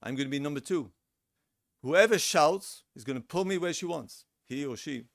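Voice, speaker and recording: In a lecture room, a middle-aged man gives a seminar conversationally, acting out example lines and repeating his words. His voice is on the high side and animated, moderately paced with vocal fry, in a dry, clean studio-quality recording.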